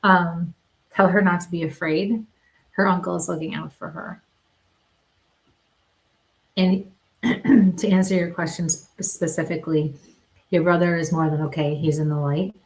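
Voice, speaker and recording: A woman working as a medium, giving live psychic readings and talking haltingly with many pauses and small laughs. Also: on the low side, fairly even intonation.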